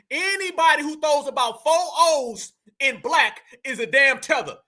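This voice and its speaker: Fired-up, high-voiced male commentator. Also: lively intonation, measured pace, few pauses, sharp tone. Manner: heated, mocking, slangy, addresses viewers as fam. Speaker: commentary channel host. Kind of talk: reaction commentary.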